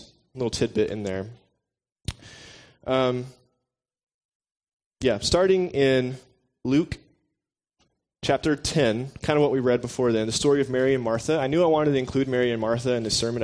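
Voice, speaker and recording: A man giving a casual, conversational sermon, relaxed and joking with his listeners. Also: medium pitch, moderate pace. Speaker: preacher.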